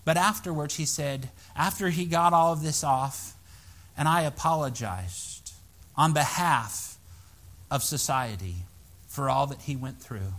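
Bright-voiced preacher telling a story. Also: male voice, a little high, measured pace. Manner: animated storytelling with emphatic rises. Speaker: pastor. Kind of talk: sermon. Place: church.

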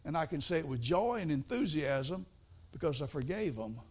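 A middle-aged man preaching a sermon, folksy and storytelling, swinging between soft asides and loud bursts. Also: on the high side, sing-song, moderate pace.

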